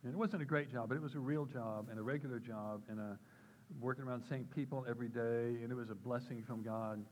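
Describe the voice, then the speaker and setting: An older man at a church gives a personal testimony in a plain, mid-pitched voice. He tells his story with lively turns, often jumping up in pitch to act out the voices he quotes. A faint hiss of noise sits under the recording. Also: fast talker, rough recording. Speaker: church speaker.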